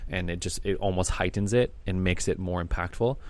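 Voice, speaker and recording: A man's voice: low voice, a little fast. A man co-hosting a podcast, talking in a reflective, earnest way with frequent fillers. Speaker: podcast co-host. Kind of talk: casual podcast conversation.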